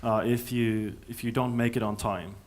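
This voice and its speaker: A man stands before a conference audience, fielding questions. His voice sits in an ordinary middle register. He is thoughtful and halting, often restarting sentences as he works out his answers. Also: medium pitch, steady tone, darkish tone. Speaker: conference speaker. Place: conference hall.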